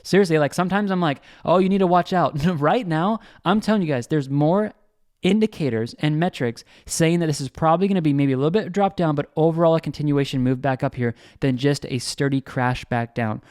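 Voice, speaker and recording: Smooth-voiced salesy male trading host. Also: fairly high pitch, a little fast, no room sound, clean studio sound. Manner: energetic, salesy, many repeats and restarts. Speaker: crypto trading channel host. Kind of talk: casual market commentary to camera.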